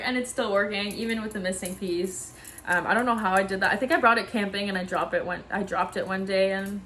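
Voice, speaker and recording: A woman's voice: medium pitch, a bit bright, slight background noise. Bubbly chatty woman vlogging in her kitchen. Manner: bubbly, enthusiastic, chatty with fillers. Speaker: wellness vlogger. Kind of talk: casual home cooking vlog.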